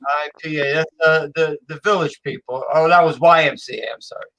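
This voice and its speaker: A man's voice: fairly high pitch, a little fast, muffled recording, a crowd in the background. A man co-hosting a casual beer review, rambling and hesitant, full of fillers. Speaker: co-host.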